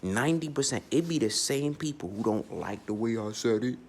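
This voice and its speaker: A man's voice: mid-range voice, animated, brisk, darkish tone. A man giving a blunt, profane, unscripted astrology monologue, speaking emphatically and often restarting his sentences. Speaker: astrology vlogger.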